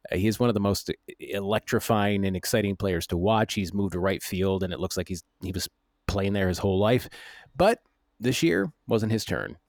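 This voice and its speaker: Low-voiced man co-hosting a baseball podcast. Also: expressive, no echo, clean studio sound. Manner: stumbling restarts, reads stats quickly. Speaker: podcast co-host. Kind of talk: casual sports chat.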